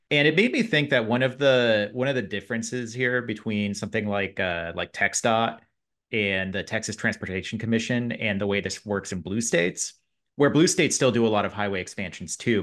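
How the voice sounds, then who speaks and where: A man with a slightly low voice co-hosts an interview podcast. He builds long, winding questions, often restarting phrases as he thinks. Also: fairly bright tone. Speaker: podcast co-host.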